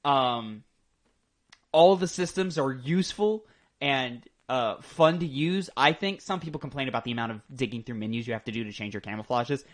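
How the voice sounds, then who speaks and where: Speaking at a normal speed in a mid-range voice, this young co-host of a casual gaming podcast rambles enthusiastically, filling his talk with ums and likes.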